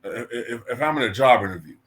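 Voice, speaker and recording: A man's voice: medium pitch, animated, fast, fairly bright tone, breathy edge. Blunt, heated male commentator. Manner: blunt and heated, curses freely. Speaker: political commentator. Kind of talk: casual opinion commentary.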